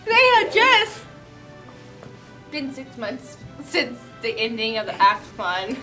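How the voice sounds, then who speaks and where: A woman's voice: fairly high pitch, very animated, slow, bright, forceful tone, faint music behind. A woman casually retelling a play's plot in a chatty, giggly way. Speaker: comedic storyteller.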